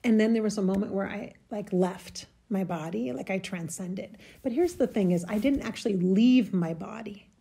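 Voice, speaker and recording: A woman telling a personal spiritual story in a halting, emotional way, searching for words and getting choked up. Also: medium pitch, vocal fry, dark tone, slightly rough. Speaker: spiritual channel host.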